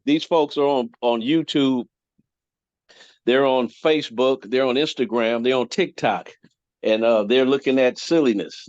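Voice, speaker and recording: A man's voice: medium pitch, darkish tone, no room sound. A man speaking as a panel guest, lecturing and listing examples one after another. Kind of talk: casual panel discussion. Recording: dull dry audio.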